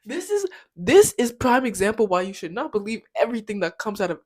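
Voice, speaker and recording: A young woman hosting a podcast, telling a casual story in a lively, animated way, swearing and laughing often, her voice shooting up high when she is shocked. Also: brisk. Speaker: podcast host.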